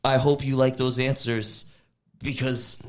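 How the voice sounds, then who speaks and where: A man's voice: medium pitch, a little slow. Male podcast co-host, casual storyteller who does the voices in his retellings. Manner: animated storytelling, acts out quoted chatbot lines. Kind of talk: casual chat.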